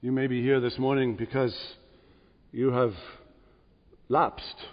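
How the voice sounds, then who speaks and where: Slow, deliberate male preacher in a reverberant church. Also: medium pitch, little pitch movement. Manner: slow, deliberate preaching that swells to emphatic peaks. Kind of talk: sermon. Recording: dull church recording with long reverb.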